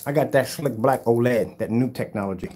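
A man with a medium-pitched, warm voice talks briskly while hosting a casual livestream for his DIY projector screen paint videos. Replying to viewer comments, he's brash and teasing, trash-talking his audience and then mock soothing them.

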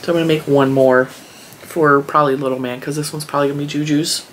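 A woman's voice: sits low, steady tone, fast, slight background noise. Chatty woman crochet vlogger. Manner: chatty, rambling storytelling. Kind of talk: casual chat.

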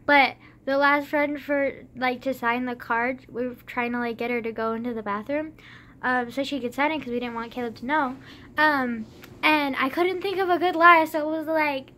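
A woman's voice: sits high, moderate pace, fairly bright tone, a little hiss or hum. A young woman chatting casually to camera in a rambling, giggly way, with lots of fillers. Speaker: vlogger.

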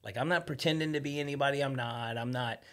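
A podcast guest with a mid-range, fairly bright voice talks quickly and casually in a studio. He tells loose stories, swears freely, and acts out the quotes.

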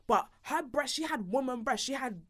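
Lively bright-voiced woman. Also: sits high. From Nigerian heritage. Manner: animated, laughs often, quick asides. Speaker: podcast host. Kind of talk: casual chat.

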